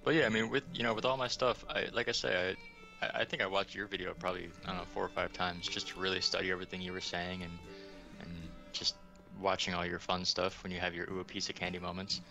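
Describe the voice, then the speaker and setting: A man's voice: low-pitched, level tone, quick pace, gravelly, pushed and bright, faint music behind. A man speaking as an interview guest, modest and rambling with plenty of fillers. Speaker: guest asset creator. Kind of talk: casual interview chat.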